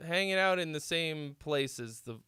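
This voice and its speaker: A man's voice: on the high side, expressive, moderate pace, very noisy. A man casually critiquing a listener's song as host, rambling with lots of fillers and the odd swear. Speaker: host reviewing viewer songs.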